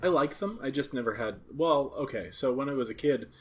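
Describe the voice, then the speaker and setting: A man hosts a casual podcast conversation with friends, relaxed and easygoing. He slips in dry jokes at a middle pitch. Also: fairly quick, slight background noise. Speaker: podcast host. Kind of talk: casual chat.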